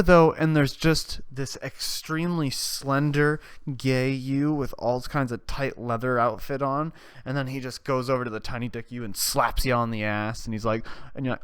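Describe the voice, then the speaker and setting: A young man hosting a podcast, rambling through a comedic monologue, swinging between loud rants and quiet mumbles. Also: mid-range voice, moderate pace, smooth, no echo. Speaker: podcast host.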